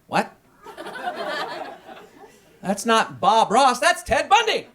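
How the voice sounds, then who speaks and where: A man's voice: measured pace, long pauses. A man in his thirties doing a stand-up set at a small restaurant comedy night, talking into a handheld mic. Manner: lively, jumps into high voices for quoted people.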